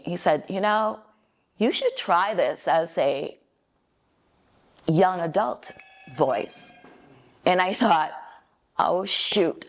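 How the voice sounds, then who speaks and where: An older woman from Minnesota, an author answering audience questions in a chatty, unhurried way, her voice slightly cracking and tired, often laughing as she talks. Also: lowish voice, vocal fry. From Minnesota, USA. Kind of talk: conversational Q&A answers. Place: museum event room.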